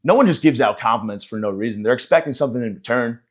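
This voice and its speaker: Brief: male comic podcast host, average pitch, rambling profane sarcastic monologue. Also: animated, rapid-fire, husky. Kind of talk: ranting comedic monologue.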